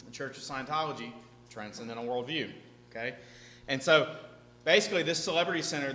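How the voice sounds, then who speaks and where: Bright-voiced man teaching in an echoey hall. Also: a little high. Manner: animated, chatty, keeps asking "right?". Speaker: speaker teaching a seminar audience. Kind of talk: lively seminar talk to an audience. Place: large hall with an audience. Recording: echoey hall, faint hum.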